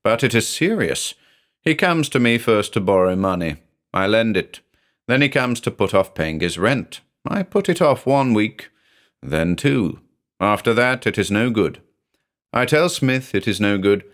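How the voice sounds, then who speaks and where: A man's voice: fairly low pitch, expressive, measured pace, a bit bright. A man putting on a wheedling uneasy landlord. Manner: wheedling, defensive, broken phrasing. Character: uneasy middle-aged male landlord with foreign lilt.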